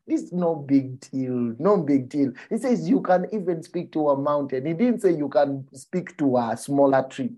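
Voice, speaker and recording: A man preaching a sermon, often asking his listeners whether they follow him and dropping to a soft, low voice for emphasis. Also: measured pace. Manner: animated, checks in with the listeners.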